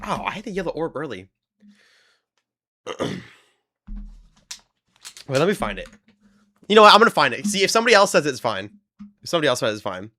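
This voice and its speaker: A man's voice: mid-range voice, pushed and bright. A man live-streaming a game, chatting and laughing with his chat in a joking way. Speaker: gaming streamer.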